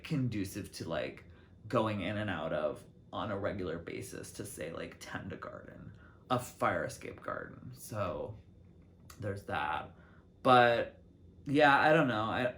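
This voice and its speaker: Chatty young man rambling to camera. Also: slight background noise. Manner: chatty, lots of "like" and restarts, lively swings in pitch and loudness. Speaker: host of a solo talk show. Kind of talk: casual rambling monologue to camera. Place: apartment in a big city. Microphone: camera mic.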